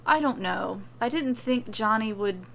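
Woman voicing a calm older leader man. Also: fairly high pitch, unhurried, vocal fry, slight background noise, full character voice.

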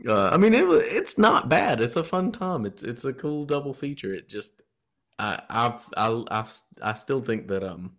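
A man's voice: medium pitch, sing-song, measured pace, pauses often. A man co-hosting a podcast, talking about movies in a rambling, enthusiastic way, with frequent restarts. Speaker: podcast co-host. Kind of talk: casual film discussion.

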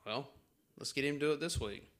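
A man's voice: a little high, brisk, fairly bright tone. A man co-hosting a casual podcast, easygoing and prompting his co-host to tell stories. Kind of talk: casual chat.

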